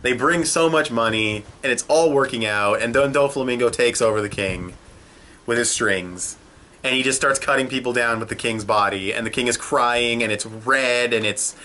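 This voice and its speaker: A young man hosts a casual video review in a bright, forceful voice. He rambles with plenty of fillers and swearing. He speaks at an everyday pitch. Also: normal speed. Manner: rambling and profane, with many fillers. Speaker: anime episode reviewer.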